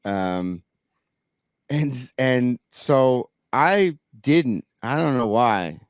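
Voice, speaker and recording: A man's voice: mid-range voice, expressive, extremely slow, clean tone, no room sound, studio quality. A man telling a backstage story in casual podcast chat, rambling with many restarts and fillers. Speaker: guest musician.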